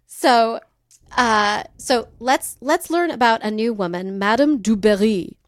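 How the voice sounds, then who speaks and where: Woman podcast co-host from California, animated storyteller, higher voice, dry close sound. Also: a little slow, no room sound. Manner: animated, laughs often, acts out quoted voices. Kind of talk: casual storytelling chat.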